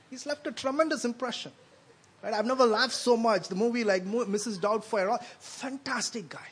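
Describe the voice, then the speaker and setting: A man's voice: very high voice, moderate pace, a bit bright. A man preaching a sermon in a conversational way, often adding "right?" and repeating words as he speaks.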